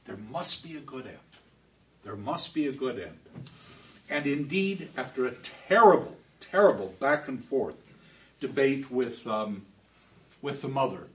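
A man giving a classroom lecture, expressive, with emphatic repetitions. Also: mid-range voice, unhurried, pauses often, recorded from a distance, dull audio.

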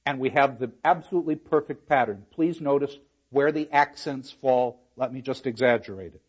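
A man's voice: medium pitch, normal speed, slightly rough, muffled recording. A man giving a university lecture on a play, explaining verse and reading lines aloud with dramatic emphasis. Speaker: literature lecturer.

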